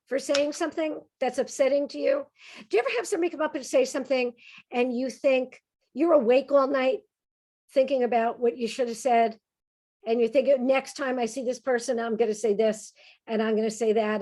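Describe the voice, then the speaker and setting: A woman giving a humorous talk, conversational and lively, often checking in with the audience. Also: a little high. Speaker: speaker on humor.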